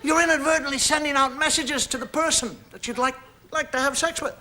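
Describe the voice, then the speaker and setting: A man's voice: very high-pitched, steady tone, fairly quick, very noisy. A man doing a stand-up comedy monologue, chatting playfully and acting out everyday gestures for a studio audience.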